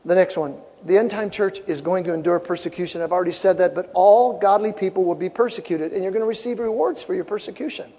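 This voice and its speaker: Animated preacher in a big reverberant hall. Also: male voice, high voice, quick pace, few pauses, breathy edge. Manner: animated preaching, shouting peaks, repeated phrases. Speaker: pastor. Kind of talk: sermon. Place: large church sanctuary.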